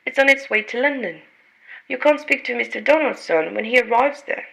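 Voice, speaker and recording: A woman's voice: on the high side, expressive, fairly quick, vocal fry, fairly bright tone, pitched above the performer's own voice, poor audio. A woman voicing a polite, apologetic female airline receptionist on the phone.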